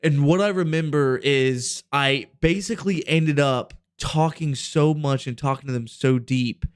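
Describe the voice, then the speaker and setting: A man's voice: a little high, measured pace, clear, resonant tone, no room sound, studio quality. A man in his twenties telling a rambling, profane story on a casual podcast. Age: 20s. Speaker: podcast host.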